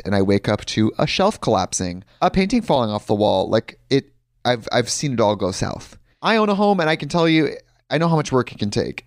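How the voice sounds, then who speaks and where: A man's voice: mid-range voice, no echo. Man reading a podcast ad, dry sound. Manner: conversational, personal asides. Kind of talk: host-read ad.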